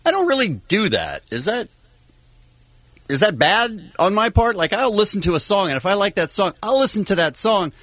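A man's voice: high voice, sing-song, normal speed, fairly bright tone, no room sound. A man co-hosting a casual radio interview, asking curious, self-deprecating questions and laughing easily. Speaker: radio co-host.

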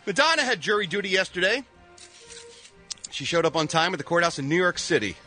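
A man co-hosting a morning radio show, telling showbiz news with jokey, animated banter. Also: high-pitched, brisk, faint music behind.

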